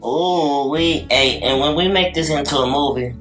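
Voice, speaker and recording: A woman's voice: deep voice, normal speed, fairly bright tone. A woman co-hosting a podcast in loose, casual chat. She rambles, restarts her sentences and laughs easily. Faint music sits underneath her voice. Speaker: podcast co-host.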